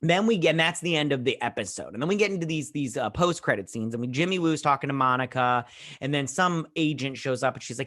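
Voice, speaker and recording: A man's voice: mid-range voice, animated, fast talker, a bit bright. A man hosting a TV review channel, recapping an episode in a casual, rambling way with lots of fillers and restarts. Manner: heartfelt, saying he feels choked up.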